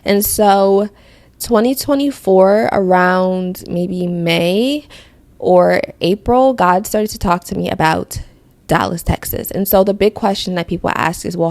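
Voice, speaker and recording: A woman's voice: on the low side, a little slow, gravelly, a little mellow, no room sound. A young woman from Connecticut hosting a faith podcast, telling her testimony in a chatty way with lots of fillers. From Connecticut, USA. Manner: chatty storytelling with many fillers. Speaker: podcast host.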